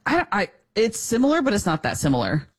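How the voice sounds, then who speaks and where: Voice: medium pitch, huge pitch swings, fast talker, husky. A co-host on a talk radio show who chimes in briefly and turns hesitant when pushing back on a point. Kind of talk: casual studio banter.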